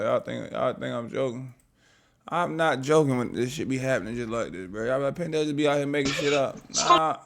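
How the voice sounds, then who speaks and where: A man hosting a reaction video, giving casual, animated and joking commentary in slangy speech. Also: mid-range voice, gravelly.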